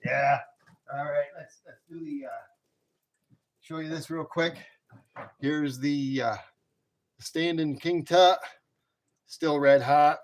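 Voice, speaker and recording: A man chatting casually on a live stream about his metal casting, excitable, often whooping and laughing. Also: a little high, slow pace, long pauses, slight background noise.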